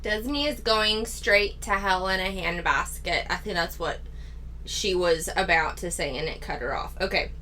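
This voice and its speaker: A woman's voice: lowish voice, moderate pace, sharp tone, a little hiss or hum. A woman hosting a reaction commentary, talking in a candid, critical and sarcastic way. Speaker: commentary channel host.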